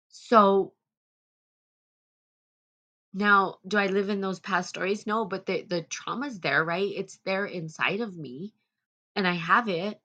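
A woman's voice: mid-range voice, takes it slowly, pauses often, highs cut off. A woman hosting a live stream, reading out viewer comments and telling an emotional personal story in a rambling way, close to tears. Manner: rambling, with frequent restarts and loud bursts. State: on the verge of tears.

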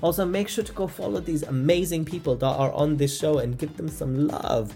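A man hosting a podcast, reading an upbeat intro and then chatting in a lively, teasing way. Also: on the high side, a little fast, gravelly, soft background music. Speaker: podcast host. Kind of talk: scripted intro then casual chat.

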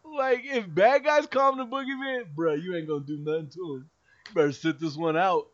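Man, podcast co-host, slangy and animated, slightly high voice, dull lo-fi sound. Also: a little fast. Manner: animated, slangy, full of fillers. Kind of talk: casual chat.

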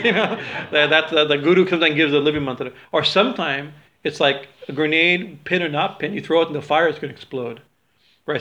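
A man teaching a small group in an informal spiritual talk, halting with many fillers and restarts. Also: medium pitch, fairly bright tone.

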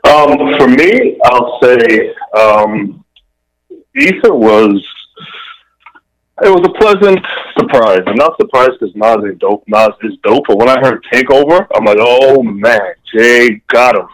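A man chatting casually on a podcast, frank and animated in how he talks. He stumbles and restarts here and there while giving his take. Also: unhurried, slight background noise, rough recording. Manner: candid, animated, laughs and jumps up in pitch for quoted reactions. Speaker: podcast co-host. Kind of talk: casual chat.

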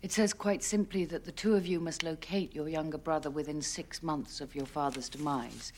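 An actress playing a scheming lawyer in a TV episode, speaking formally and measuredly. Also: female voice, low voice, fairly even intonation, moderate pace, darkish tone. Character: scheming woman lawyer handling a will. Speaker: family lawyer. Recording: TV episode clip with music underneath.

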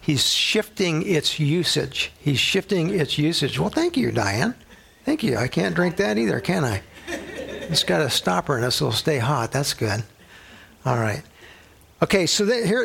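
A man's voice: on the high side, very animated, moderate pace, creaky, fairly bright tone, breathy edge. A middle-aged male pastor teaching a sermon in a conversational way, telling personal stories and using a coffee cup as a prop.

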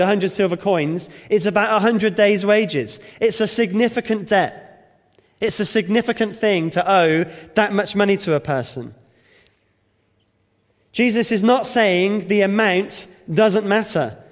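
Male preacher, high-pitched voice, expository sermon with rhetorical questions, hall reverb.

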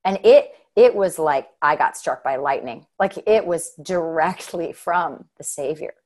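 A woman's voice: low voice, animated, a little slow, a little mellow. A woman from Southern Utah telling a heartfelt personal story in a casual, earnest way, with lots of fillers and "right?" tags. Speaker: guest.

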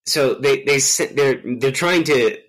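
A man co-hosting a podcast, telling stories in a rambling, animated way with lots of fillers. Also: mid-range voice, unhurried. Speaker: podcast co-host. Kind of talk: casual chat.

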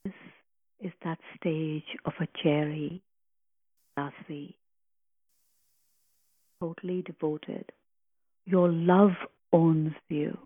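Slow, breathy woman on a tinny line. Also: deep voice, fairly even intonation, dry recording. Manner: slow, reverent, reflective, with long pauses. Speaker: podcast host explaining scripture. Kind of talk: reverent spiritual commentary.

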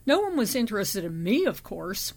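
A woman narrating a first-person memoir audiobook in a steady, measured reading voice. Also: mid-range voice.

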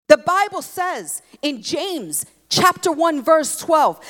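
Woman preacher, sermon voice, swoops up and down a lot, big reverby church. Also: sits high. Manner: expressive preaching, rising to emphatic bursts. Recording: long hall reverb.

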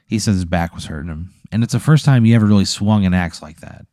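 A man's voice: low voice, fast talker, warm tone, no room sound, clean studio sound. A man hosting a comedy podcast, spinning an improvised story in a laid-back, rambling way. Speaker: podcast host.

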